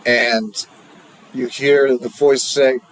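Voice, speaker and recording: A man narrating as dungeon master for a tabletop game, in relaxed, halting speech with fillers. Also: medium pitch.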